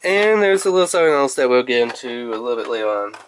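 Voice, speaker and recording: A man's voice: mid-range voice, very animated, fast talker, slight background noise. A man casually reviewing a toy in a rambling, playful, chatty way.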